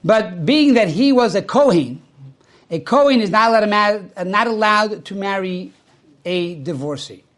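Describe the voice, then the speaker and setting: A man telling a religious story as a sermon. He acts out what the people in the story say, with big swings in pitch, and he mixes in Hebrew and Yiddish religious terms. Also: normal speed. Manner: animated, acts out quoted speech with swings in pitch.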